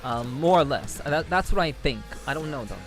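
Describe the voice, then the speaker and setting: A man with a high, light voice talks loosely and briskly to his stream chat, animated as he curses freely and circles back over the same words. He rambles and laughs as a livestreamer reading chat, with faint music playing softly behind him.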